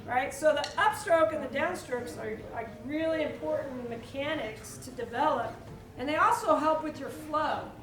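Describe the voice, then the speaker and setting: A woman teaching a live percussion clinic to students, energetic and coaxing, often asking the room questions. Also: sits high, moderate pace, heavy background noise. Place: school band room with students. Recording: echoey room from far off, with drumming.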